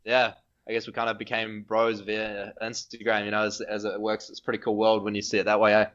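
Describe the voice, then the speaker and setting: Kiwi male guest, relaxed bro talk, slightly low voice on a dull remote line. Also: a little fast. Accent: New Zealand. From New Zealand. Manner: laid-back, slangy, calls people bro. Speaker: podcast guest. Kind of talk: casual chat.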